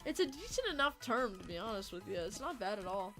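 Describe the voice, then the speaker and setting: A woman's voice: medium pitch, sing-song, quick pace, bright, forceful tone. A young woman livestreaming and chatting casually with her viewers, rambling, joking and swearing freely. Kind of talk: casual chat with stream viewers. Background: faint game music.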